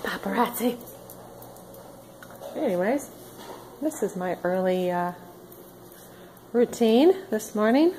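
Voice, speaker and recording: A woman's voice: medium pitch, lively intonation, slow, pauses often, mellow, a little hiss or hum. A woman filming a casual home vlog, coaxing her dogs in baby-talk and chatting between commands, recorded on a phone in her kitchen. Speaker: vlogger. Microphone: phone camera.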